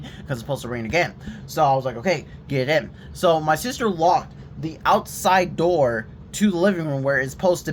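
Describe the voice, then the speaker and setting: A young man telling a story to his viewers in a casual, expressive rant. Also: fairly high pitch, slight background noise. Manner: animated and expressive, drops to a quiet shaky voice when reenacting himself. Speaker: vlogger.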